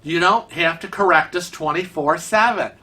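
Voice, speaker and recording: A man hosts his vlog with a touch of a Rochester, New York accent. His voice is bright and forward, and he rambles from point to point in a chatty, teasing way. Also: on the high side, normal speed. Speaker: vlog host. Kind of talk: casual vlog commentary.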